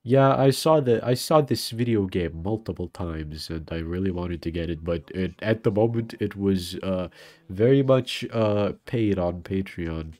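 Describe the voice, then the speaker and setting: A man's voice: deep voice, lively intonation, a little slow, darkish tone, no room sound. A young man streaming games, chatting casually and swearing as he rants in frustration. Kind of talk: casual gaming stream chat. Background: faint background music.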